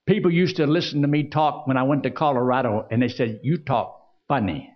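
A man's voice: mid-range voice, fast talker, highs cut off. A man preaching a sermon, asking the congregation questions and reading scripture aloud. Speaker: pastor.

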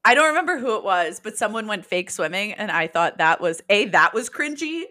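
A young adult woman co-hosting a casual podcast chat, animated and quick to laugh. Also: mid-range voice. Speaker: podcast co-host.

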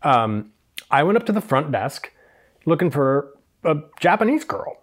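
A man's voice: on the high side, sing-song, measured pace. Chatty man telling a salon story. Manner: chatty, self-deprecating, acts out quoted voices. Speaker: hairstylist podcast host. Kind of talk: casual anecdote storytelling.

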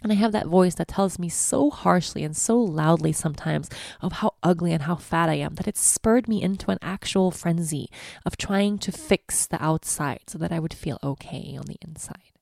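A woman's voice: on the low side, normal speed, creaky, a little mellow, no room sound, studio quality. A woman in her twenties hosting a podcast, telling a personal story in a candid, confessional way. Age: 20s. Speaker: podcast host. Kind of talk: personal monologue.

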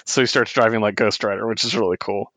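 A man co-hosting a comic book podcast, retelling a story in a casual, animated way and laughing often. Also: on the low side, fast talker, dry recording. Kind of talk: casual chat.

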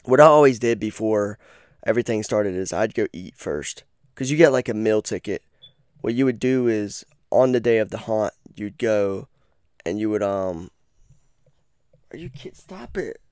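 A man's voice: fairly low pitch, normal speed, a little mellow, clean tone, dry recording, studio quality. A man rambling in a casual podcast while lying on his bed, swearing often and stumbling over his words. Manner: rambling, profane, frequently stutters and restarts. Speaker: podcast host. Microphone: headphones and corded mic.

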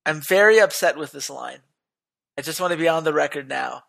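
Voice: mid-range voice, brisk, creaky. A podcast co-host in casual, argumentative chat about esports betting. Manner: animated, argumentative.

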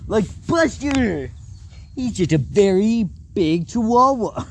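A man's voice: high voice, sing-song, slow pace, darkish tone, slight background noise. A man co-hosting a casual chat, easygoing and rambling, who often chuckles and stops to restart his plans. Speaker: co-host.

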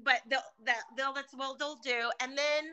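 A woman chats casually and tells her stories with lots of energy. Her tone is very bright, her pitch sits a little high, and she piles on fillers and restarts as she talks. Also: normal speed, rough recording. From California. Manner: chatty, animated storytelling with many fillers and restarts. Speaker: guest. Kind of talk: casual conversation.

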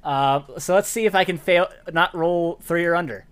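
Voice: medium pitch, moderate pace, smooth. A player in a tabletop role-playing game, talking hesitantly with lots of fillers and giggles. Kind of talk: casual tabletop play.

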